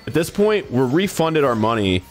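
A man's voice: medium pitch, very animated, moderate pace, soft background music. A man on a live stream telling a long story in a casual way, swearing a lot and acting out the people he quotes.

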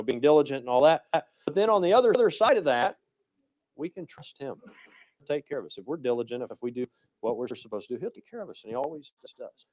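A man's voice: fairly low pitch, darkish tone, dry recording, low-quality recording. A male pastor giving a casual, conversational sermon, with many restarts and a habit of asking "right?".

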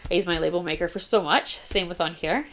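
A young woman with a lowish, slightly bright voice talks quickly as she flips through her planner for a vlog, with a faint hiss or hum in the background. She's chatty and apologetic, often trailing off and starting over in this casual show-and-tell.

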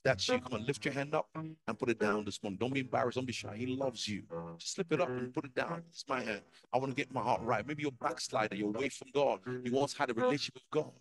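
Male pastor leading a church altar call, urgent and repetitive, mid-pitched voice. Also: fast talker, rough recording.

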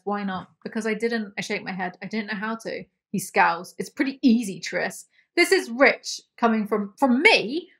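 A young woman reads a novel aloud, keeping the quoted dialogue fairly flat. She keeps cutting in with dry, sarcastic asides and plenty of swearing. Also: medium pitch. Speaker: book commentary youtuber.

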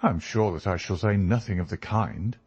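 A man's voice: sits low, moderate pace, a little mellow, slightly rough, no echo, lo-fi sound. A man voicing a loyal, easily impressed male doctor companion, speaking plainly. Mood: baffled.

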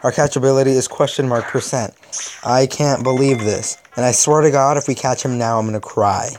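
A man's voice: medium pitch, fairly even intonation, fairly quick, a little mellow, a little hiss or hum. A young man giving casual, exasperated gameplay commentary, with sarcastic asides as he plays. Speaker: gaming video host.

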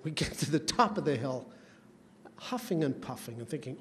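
A man with a slightly high voice and big pitch swings roasts the guest of honor at a charity event, moving at a moderate pace through rambling, folksy comic stories. There's long hall reverb and faint room noise.

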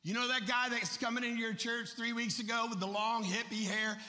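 A middle-aged man preaching a fervent sermon as pastor, rising to shouts at his high points. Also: little pitch movement, a little fast. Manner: impassioned preaching, shouting at climaxes. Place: large church. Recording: echoey church hall.

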